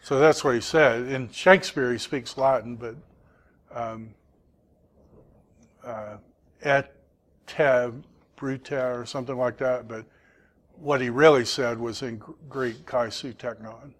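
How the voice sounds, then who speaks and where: Slow-talking man teaching Greek. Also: medium pitch, steady tone. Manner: patient, questioning students. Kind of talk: classroom lesson.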